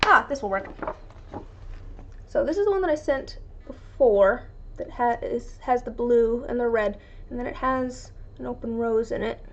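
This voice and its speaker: Young adult woman, bright-pitched, loose and rambling, talks to viewers while working. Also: moderate pace, highs cut off. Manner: chatty, rambling, frequent fillers and restarts. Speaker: resin dice maker streaming her craft. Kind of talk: casual live-stream chat with viewers.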